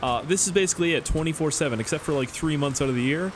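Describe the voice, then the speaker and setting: A man's voice: on the high side, very fast, a little hiss or hum. A young Canadian man with a Canadian accent giving rambling, joking gameplay commentary and swearing often. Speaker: gaming YouTuber.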